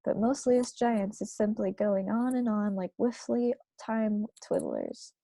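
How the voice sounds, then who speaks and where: Woman doing storybook giant: old, kindly, earnest, gravelly edge. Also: medium pitch, very animated, slow pace, dry recording, exaggerated voice. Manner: garbled grammar, loud and earnest. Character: huge kindly old male giant, muddled talker.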